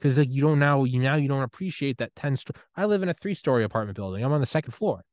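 A young man hosting a podcast, giving a rambling, excitable solo rant full of swearing and trailing restarts. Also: mid-range voice, fast talker, no room sound, studio quality. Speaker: podcast host.

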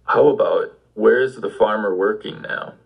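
A man's voice: fairly low pitch, normal speed, vocal fry, husky, highs cut off. A man giving an audio language lesson, patiently prompting the listener with questions. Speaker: language teacher.

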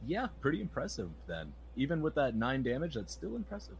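A man chatting casually during a tabletop game. His pitch moves a lot, and a faint noise sits behind him. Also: wildly swooping pitch, a little fast, vocal fry, low-quality recording. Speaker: player.

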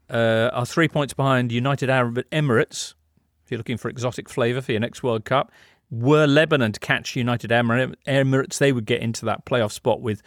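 A man hosting a sports show, brisk and chatty as he runs through results and brings in guests. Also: medium pitch, fairly bright tone, no echo, studio quality. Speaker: host. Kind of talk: sports radio presenting.

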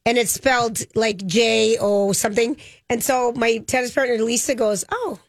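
A woman's voice: on the high side, steady tone, moderate pace, no room sound. A woman co-hosting a radio show, chatting in a giggly, rambling, playful way. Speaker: radio co-host. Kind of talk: casual radio chat. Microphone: studio mic.

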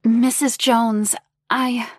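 A woman voicing a nervous, shy young woman of twenty-one with a squeaky, halting voice. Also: no echo, studio quality. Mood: flustered. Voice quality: squeaky, flustered.

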